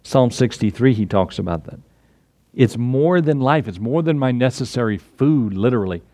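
A man preaching a sermon in a relaxed, conversational way, talking straight to the people in front of him. He acts out the voices of the people in his stories as he goes. His voice sits at an ordinary middle pitch, and the recording is dry and close, with no room echo. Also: moderate pace. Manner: conversational, retells stories with lively acted quotes; talks directly to listeners.

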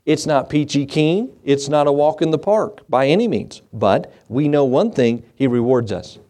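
A man's voice: fairly high pitch, animated, normal speed, dark tone. A man preaching a sermon, folksy and full of questions to his congregation. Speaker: pastor.

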